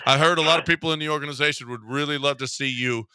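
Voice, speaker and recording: A man's voice: on the high side, fairly even intonation, racing, pushed and bright, smooth, dry recording, clean studio sound. A man hosting a sports radio show, chatting casually and laughing easily along with a caller.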